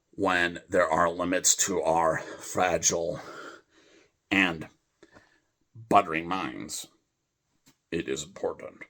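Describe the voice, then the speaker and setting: A man rambling in a deadpan monologue, full of fillers and restarts. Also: deep voice. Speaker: video host reading a poem.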